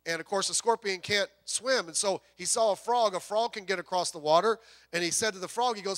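A man preaching a sermon, emphatic, with rhetorical questions and drawn-out key words. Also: sits high, fairly bright tone. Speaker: pastor.

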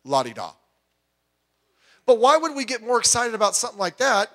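Middle-aged male pastor with a high voice; emphatic preaching that drops to quiet asides. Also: big pitch swings, fairly quick. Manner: emphatic, swings between loud urging and quiet asides. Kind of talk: sermon.

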